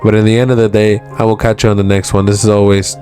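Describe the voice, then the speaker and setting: A man's voice: on the low side, level tone, fast, darkish tone, faint music behind. A man hosting a casual manga review, retelling a chapter's dialogue with constant "he's like" tags.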